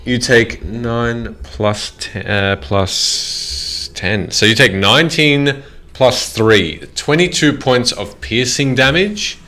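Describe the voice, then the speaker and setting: Unhurried man running a tabletop game. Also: medium pitch, sharp tone, a little hiss or hum. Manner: halting, restarting descriptions. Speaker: game master.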